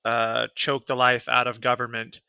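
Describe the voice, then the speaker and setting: A man's voice: mid-range voice, monotone, normal speed, creaky, sharp tone, clean tone, dry recording, lo-fi sound. A man co-hosting a casual political podcast, arguing heatedly and emphatically and swearing freely. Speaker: podcast co-host.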